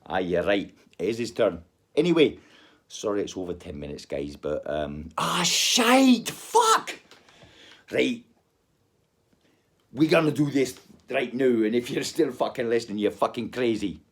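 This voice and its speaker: A man's voice: lowish voice, expressive, moderate pace, a little mellow. A man hosting his own show, telling a crude story in a rambling comic monologue full of swearing. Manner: crude, swearing, jumps between put-on accents. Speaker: podcast host.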